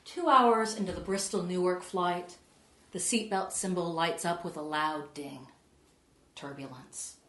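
A woman reading her own poetry aloud to an audience, measured and soft, often sinking to a hush. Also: fairly low pitch. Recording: echoey room.

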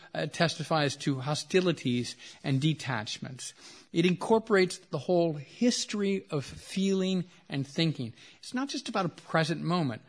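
A man giving a lecture on poetry, talking in quick bursts that slow into trailing asides. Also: a little high. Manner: reading poems aloud with expressive dips in volume.

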